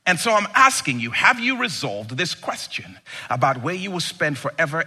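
Man preaching, bright voice, slightly husky, emphatic, rhetorical questions. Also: fairly high pitch, very animated, normal speed. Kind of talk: sermon.

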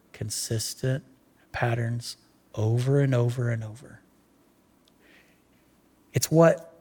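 A man preaching a sermon as pastor, telling the story with energy and acting out the voices of the people in it. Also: medium pitch. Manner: animated storytelling, acts out voices. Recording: reverberant church hall.

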